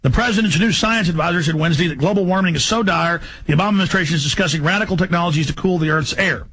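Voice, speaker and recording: Talk radio host, man, gravelly and forceful, high-pitched agitated rant. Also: poor audio. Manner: agitated, rapid, emphatic ranting. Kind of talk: ranting talk radio monologue.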